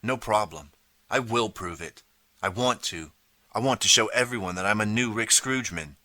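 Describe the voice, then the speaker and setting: A man's voice: on the low side, moderate pace, pushed and bright, no echo. A man voicing a desperate, eager boy who keeps pleading to be believed. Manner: pleading, earnest.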